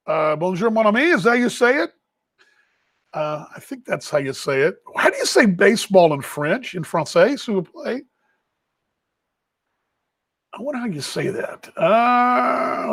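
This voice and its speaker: A man with a fairly high voice chats casually on a live stream, rambling between viewer comments with an easy, self-deprecating humor. He is from Texas and talks as a team broadcaster at a ballpark. The sound is dry and close, with little room around it. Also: vocal fry, a bit bright, no echo.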